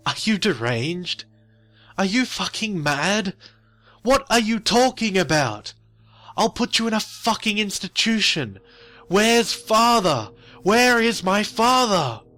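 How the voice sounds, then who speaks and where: A man's voice: high voice, big pitch swings, slow, bright, forceful tone, dry recording, soft background music, pitched above the performer's own voice, exaggerated voice. A man voicing a furious middle-aged daughter who screams and swears.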